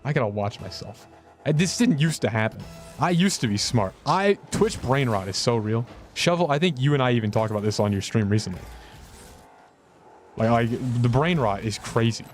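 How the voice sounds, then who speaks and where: A young man streaming a game, chatting casually with viewers in a rambling, self-mocking way, his pitch jumping up and down. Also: animated, normal speed, soft background music. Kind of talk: casual gameplay commentary.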